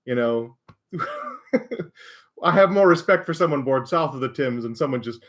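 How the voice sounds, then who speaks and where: A man's voice: medium pitch, lively intonation, normal speed, a bit bright, lightly acted. An American man voicing a snooty English Londoner in a put-on British accent, haughty and sniffy. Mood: snobbish. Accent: mock British, put on by an American.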